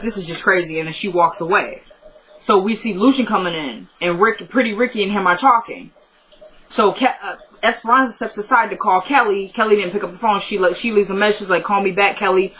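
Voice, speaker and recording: A woman's voice: mid-range voice, a bit bright, rough recording. A woman casually recapping a TV episode in a chatty, conversational storytelling manner. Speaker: show recap host.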